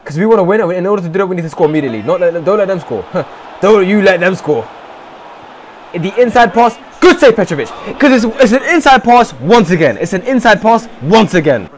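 A young man giving loud, swearing live commentary over a football video game, swinging from shouts to low mutters. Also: very animated, fast. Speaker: gaming streamer.

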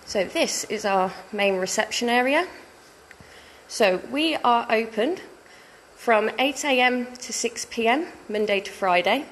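A woman's voice: on the high side, expressive, unhurried, fairly bright tone, slight background noise, rough recording. A British woman working as a student halls manager, giving a chatty live walking tour with a phone. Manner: friendly, chatty, with many "so" and "um" fillers. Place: city street outside a building, then its reception. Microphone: phone held while streaming.

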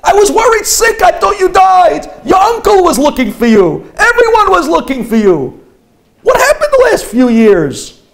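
A man voicing an old, anguished Jewish father who pleads and repeats himself in a high, strained voice. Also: wildly swooping pitch, normal speed, creaky, a bit bright, heavily acted. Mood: frantic.

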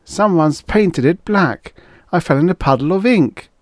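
A man's voice: fairly high pitch, expressive, a little slow, dry recording, studio quality, voice pushed up. A man voicing a dazed, injured male astronaut who sounds strained and bewildered in a vintage science fiction audiobook.

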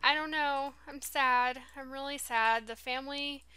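Let's-play host, woman, slow and bright-voiced, chatty commentary, faint music underneath. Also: high voice, fairly even intonation. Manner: reacts with dismay, talks to characters. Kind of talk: casual gameplay commentary.

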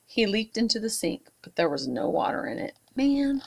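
A woman at a library storytime, reading a picture book aloud to children with expressive asides. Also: on the high side, normal speed, vocal fry. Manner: warm, expressive read-aloud with asides to kids.

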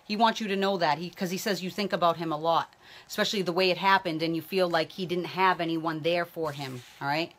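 A woman's voice: lowish voice, steady tone, fairly quick, a bit bright. Chatty woman doing live psychic readings. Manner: chatty, rambling, calls viewers by name; talks while a baby tugs at her hair. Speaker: psychic medium.

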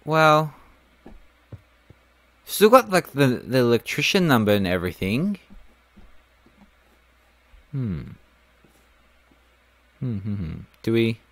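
A man's voice: mid-range voice, lively intonation, takes it slowly, long pauses, a bit bright, dry recording. A man giving casual let's-play commentary, thinking aloud and swearing now and then. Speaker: gaming video host.

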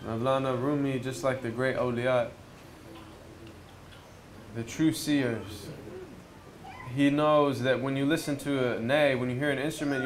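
A man giving a reflective spiritual talk at a retreat, storytelling conversationally and asking his listeners rhetorical questions. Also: mid-range voice. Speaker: speaker at a retreat. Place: outdoors near a river.

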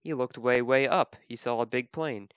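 A man reading a children's picture book aloud as a volunteer, gentle, slow and clear. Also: mid-range voice, dry recording. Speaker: volunteer reader. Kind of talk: children's storybook read-aloud. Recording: dull, lo-fi dry recording.

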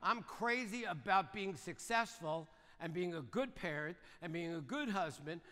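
An older man delivers a rapid, punchy motivational seminar talk, often tossing quick questions to the crowd. His voice is bright and forceful, a touch high for a man, and it rings out with the long reverb of a large hall. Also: lively intonation. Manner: fast, punchy, keeps asking the audience "right?" and "yes or no?". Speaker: seminar speaker.

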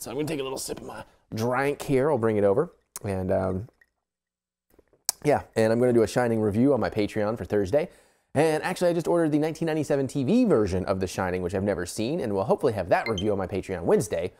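Lively, soft-spoken man narrating gameplay. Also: lowish voice. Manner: talking softly to keep quiet late at night, chatty and rambling with frequent laughs. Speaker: let's play host. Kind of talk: casual gameplay commentary. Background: video game music.

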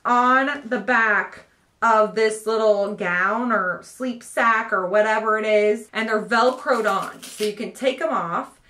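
A woman's voice: on the high side, slow pace, pushed and bright. Bubbly young woman vlogging. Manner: bubbly, gushing, laughs often. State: pregnant. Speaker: vlogger showing a baby haul. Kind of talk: casual haul vlog to camera.

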